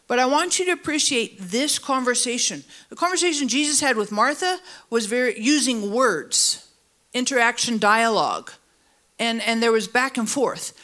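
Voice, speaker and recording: A woman pastor preaching a sermon to a congregation that is both in the room and online. She talks in an animated way, leaping up high for emphasis and then dropping low and slow, and she asks the listeners to fill in words. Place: church service, also streamed online.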